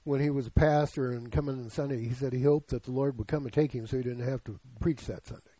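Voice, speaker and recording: A man's voice: mid-range voice, steady tone, fast talker, mellow, no room sound, rough recording. A man in his seventies preaching a sermon in a conversational way, often putting questions to the congregation. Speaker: pastor.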